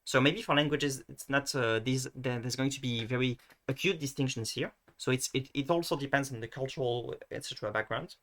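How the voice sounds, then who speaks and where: Bright-voiced hesitant man teaching casually. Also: mid-range voice, brisk, hardly any pauses. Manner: hesitant, many restarts and fillers; self-mocking. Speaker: video tutor. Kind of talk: casual screen-share lesson.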